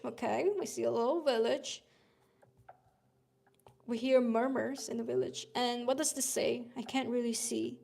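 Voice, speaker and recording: A woman streamer, a little sick, chatting and swearing casually as she reads through webtoon contest entries out loud. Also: fairly high pitch, vocal fry. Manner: chatty, swears freely, thinks aloud while reading panels. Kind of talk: casual live-stream commentary.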